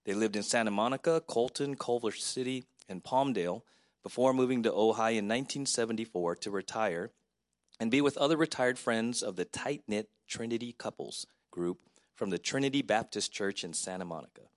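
A man's voice: on the low side, brisk, dry recording, clean studio sound. A middle-aged man, a pastor, giving a personal, conversational eulogy at a memorial service. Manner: conversational, warmly personal, with filler words.

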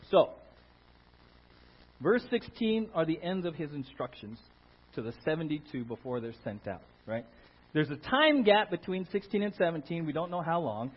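A male pastor preaching an animated sermon and calling for amens, on a dull lo-fi recording. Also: a little high, breathy edge. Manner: animated, calls for Amen from the congregation.

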